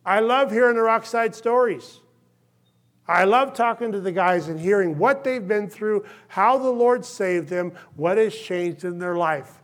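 A male pastor preaching a sermon, impassioned and then hushed, checking in with "okay?" often. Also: sits high, a little slow. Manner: impassioned, drops to hushed tones, frequent "okay?" check-ins.

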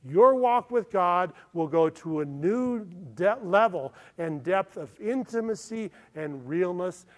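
A man's voice: high-pitched, animated, slow pace, few pauses. A man pastor preaching a sermon in an earnest manner, often checking in with his listeners. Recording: long hall reverb.

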